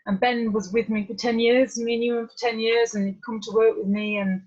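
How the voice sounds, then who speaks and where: Husky woman telling a personal story. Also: fairly high pitch, flat delivery, fairly quick, darkish tone. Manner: candid, conversational, drifting asides. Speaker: workshop speaker. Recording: muffled lo-fi recording.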